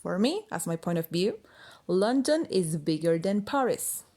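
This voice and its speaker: A woman with as her teaches an English grammar lesson, walking through each rule step by step. She spells words out letter by letter and keeps checking that her students follow. Her pitch sits in a middle range for a woman. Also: a little mellow. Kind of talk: grammar lesson explaining slides.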